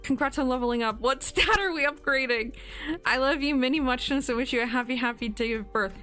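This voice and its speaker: Young woman streamer reading bday messages, giggly and teary, kinda high voice, faint music behind. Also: a little fast, fairly bright tone. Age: 20s. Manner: giggly and emotional, laughing often. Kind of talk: casual livestream chat, reading birthday messages.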